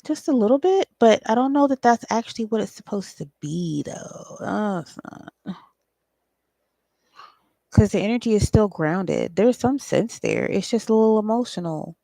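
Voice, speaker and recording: A woman's voice: medium pitch, animated, normal speed, vocal fry, hardly any pauses, warm tone, dry recording. A woman giving a casual solo tarot reading, thinking aloud in a loose, profane way with frequent ums. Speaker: tarot reader and psychic channeler.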